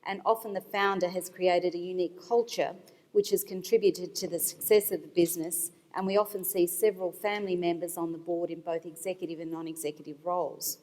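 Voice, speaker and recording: Woman, lowish voice, measured panel talk, conference hall with long reverb. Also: fairly even intonation, dark tone. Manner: measured, explanatory, with fillers. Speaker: panelist, institutional investor. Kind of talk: panel discussion remarks.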